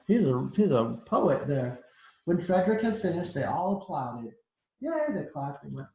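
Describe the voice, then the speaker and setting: A male teacher reads a picture book aloud to young children, stopping often to explain words in simple, chatty asides. His voice sits a touch high, and it carries a roomy echo from the room at home. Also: very animated, measured pace, a little mellow. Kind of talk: storybook read-aloud to children.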